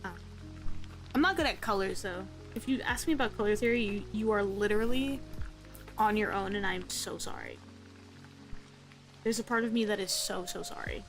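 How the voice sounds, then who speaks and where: A woman's voice: medium pitch, moderate pace, long pauses, faint music behind, poor audio. A young woman streaming while she draws, chatting casually in a rambling, self-deprecating way full of fillers. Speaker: art streamer.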